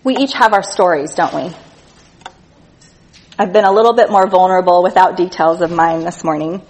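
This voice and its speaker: A woman's voice: fairly low pitch, low-quality recording. Earnest woman preaching a sermon. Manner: earnest, emphatic reading of scripture with slow stressed words; drops soft and quiet on tender lines. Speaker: speaker at a church gathering.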